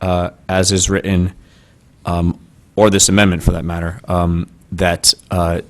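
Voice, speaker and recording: Deep-voiced man questioning at a board meeting. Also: completely flat delivery, a little slow. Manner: hesitant, formal, with many fillers. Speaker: board member. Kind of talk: meeting discussion.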